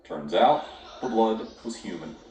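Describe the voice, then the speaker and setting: Deep-voiced man narrating horror. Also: animated, unhurried, a little mellow. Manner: dramatic, lingering on grim details. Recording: echoey, distant, with music behind.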